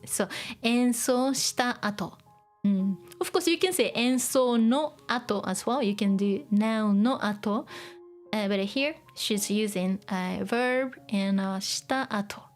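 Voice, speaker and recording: A woman teaching Japanese in a casual lesson, chatting loosely between English and Japanese with many fillers and small laughs. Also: mid-range voice.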